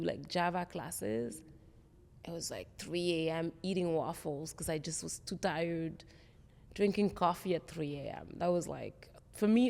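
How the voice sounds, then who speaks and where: Woman guest, gravelly, mellow tone, reverberant room; earnest career storyteller. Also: on the low side. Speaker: guest, tech executive. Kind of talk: interview conversation.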